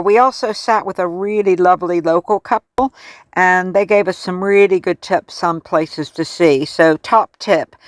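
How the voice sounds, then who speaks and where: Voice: medium pitch, no room sound. An American travel vlogger narrating a casual tour in a chatty, friendly storytelling way. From United States.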